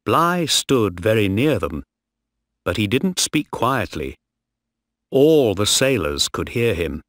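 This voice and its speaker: A man reads a simple story for English learners, pausing between short, clear phrases. His voice is low and very slow, with a lively rise and fall. The sound is dry and close. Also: no echo. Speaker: narrator.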